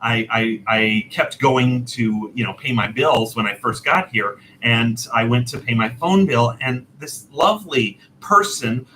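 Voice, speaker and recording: Bright-voiced man telling a story. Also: medium pitch, a little slow, hardly any pauses, slight background noise, rough recording. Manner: animated, self-deprecating, laughs often. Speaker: storyteller host. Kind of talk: casual personal storytelling.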